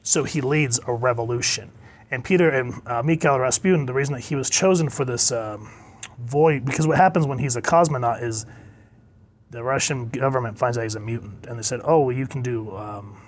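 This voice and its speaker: A man in a casual comic book review, rambling and chuckling, pausing to look things up, and openly enthusiastic about the storytelling. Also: medium pitch.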